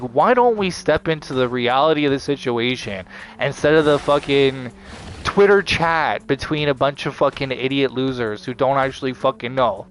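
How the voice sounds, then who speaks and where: A man in a heated, profane, unscripted rant, swearing constantly and leaning on "like" as he talks. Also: a little high. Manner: heated, swearing, heavy use of "like".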